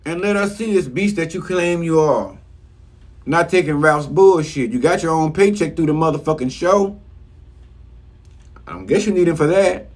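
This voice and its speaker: Guy ranting about a reality show episode, swears a lot, blunt and scolding, kinda high voice. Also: animated, normal speed, pauses often. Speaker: reality TV commentator. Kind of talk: casual episode recap rant.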